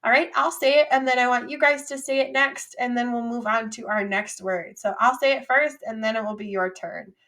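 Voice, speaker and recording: A woman teaching a recorded French vocabulary lesson, drilling phrases with clear, upbeat repeat-after-me prompts. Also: a little high, brisk, few pauses, pushed and bright.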